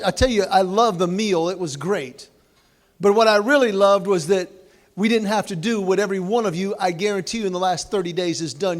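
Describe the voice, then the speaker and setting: A man giving a humorous after-dinner speech at a banquet, telling folksy stories with comic asides. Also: high-pitched. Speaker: banquet speaker.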